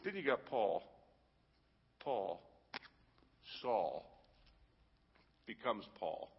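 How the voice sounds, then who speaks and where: Husky preacher man in an echoey hall. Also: medium pitch, dull audio. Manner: rhythmic, repetitive preaching that builds to loud peaks. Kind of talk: sermon. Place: large hall with a congregation.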